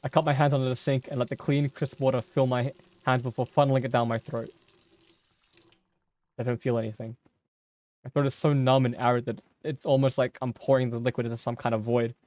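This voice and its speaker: Male streamer, reading a story game aloud, somber and measured, mid-range voice, dry sound. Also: medium pitch, little pitch movement, a little mellow, no room sound.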